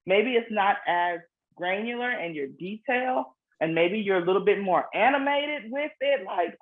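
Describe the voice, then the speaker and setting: A woman's voice: mid-range voice, normal speed. A woman, a children's book author, explaining things earnestly in a casual interview, often restarting her phrases. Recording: phone-like narrow sound.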